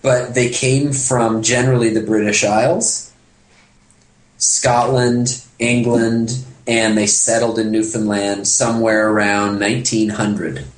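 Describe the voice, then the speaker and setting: A man's voice: lowish voice, steady tone, slow pace. A Canadian man talking from his home office as a podcast guest, joking and laughing easily. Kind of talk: casual conversation. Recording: echoey room.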